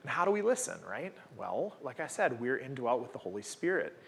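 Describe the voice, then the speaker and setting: A man's voice: medium pitch, big pitch swings, fairly quick, vocal fry, a bit bright, a little hiss or hum. A man in his forties giving a casual, conversational sermon at a church gathering, full of rhetorical questions and tag "right?"s. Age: 40s. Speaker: guest preacher.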